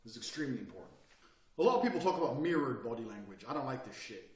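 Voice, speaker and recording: A man giving a blunt, profane talk on body language, swinging from loud outbursts to quiet, calm speech. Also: mid-range voice, rapid-fire. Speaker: self-improvement speaker. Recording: echoey room, distant mic.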